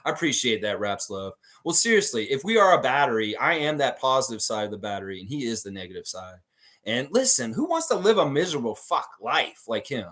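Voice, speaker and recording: A man in his forties hosting a fan livestream, reading viewer comments in casual chat and swearing freely, jumping between loud hype and low murmurs. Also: sing-song, a little fast. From Canada. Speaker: fan channel livestream host.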